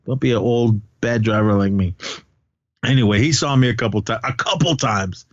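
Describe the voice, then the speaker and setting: A middle-aged man from California talks on a podcast, swearing freely and ranting with animated energy. His voice sits at an ordinary pitch. The recording is dry and a little dull. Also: normal speed, no echo. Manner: profane, ranting, animated storytelling. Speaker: podcast co-host. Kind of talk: casual podcast chat.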